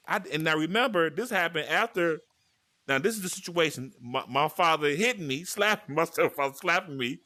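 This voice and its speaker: Male podcast host, lively and bright, slightly high voice, stammering storyteller. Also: moderate pace. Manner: animated, acts out quotes, stammering restarts. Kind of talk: casual storytelling chat. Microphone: VR headset mic.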